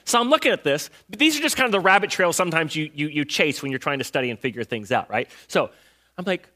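Give me a high-voiced man preaching a chatty sermon full of rhetorical questions. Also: lively intonation, fast talker, pushed and bright. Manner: conversational, quizzing listeners with rhetorical questions; retells Bible stories in casual slang. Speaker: pastor.

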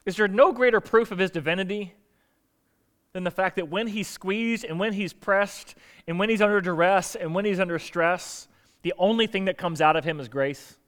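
Man, pastor, sermon, rhetorical questions, high voice, smooth and clear. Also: moderate pace. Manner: animated, rhetorical questions, acts out quotes.

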